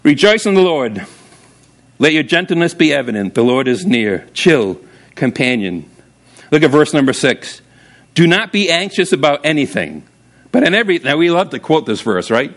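A man preaching a sermon as pastor, casual and humorous, telling stories and often jumping up high for emphasis. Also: big pitch swings, moderate pace.

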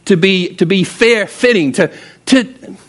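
A man preaching a sermon in a church, animated, asking the congregation for amens and breaking into sudden shouts. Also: high-pitched, unhurried. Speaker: pastor. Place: church sanctuary.

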